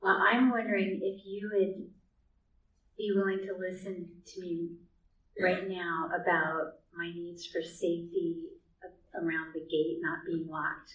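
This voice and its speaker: A woman taking part in a workshop role-play, speaking in a hesitant, halting way. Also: lowish voice, level tone, fairly bright tone, dull audio. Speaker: workshop participant. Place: workshop room. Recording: echoey room from far off, faint hiss.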